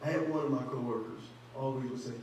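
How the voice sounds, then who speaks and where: In an echoey church sanctuary, a male pastor delivers a sermon at a quick pace, using rising emphasis and rhetorical questions. His mid-range voice has a darkish tone. A distant mic captures him, with a little hiss or hum.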